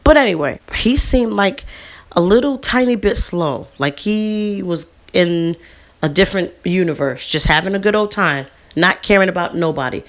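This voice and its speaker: A woman in her thirties or forties, a vlogger telling a personal story in a heated, casual monologue. She is indignant and animated, with fillers and slang. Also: normal speed. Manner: indignant, animated, swings up in pitch for emphasis.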